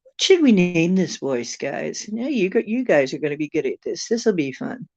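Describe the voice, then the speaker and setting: A woman's voice: on the low side, big pitch swings, moderate pace, a little mellow, no echo, dull audio. A woman from the United States hosting a casual live stream, musing aloud and answering viewer comments. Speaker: channel host chatting with viewers.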